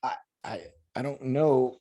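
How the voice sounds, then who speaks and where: A man giving casual sports commentary in an animated, ranting way, with many fillers and restarts. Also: medium pitch, measured pace.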